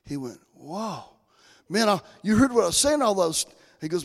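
A man preaching a sermon, telling folksy personal stories and swinging between soft asides and loud bursts. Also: high voice, sing-song, moderate pace. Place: church sanctuary. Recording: long hall reverb.

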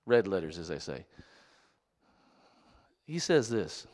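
A middle-aged man preaching a sermon as a pastor. He tells jokes and stories and shouts for emphasis. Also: low-pitched, slow. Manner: animated, joking storyteller who shouts for emphasis. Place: church hall. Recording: long reverb of a large hall.

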